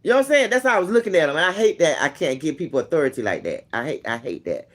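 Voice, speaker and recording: Animated, fairly high-voiced man telling a story. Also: racing. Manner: animated, profane, acts out quoted dialogue. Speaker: vlog host. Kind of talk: casual storytelling to a friend.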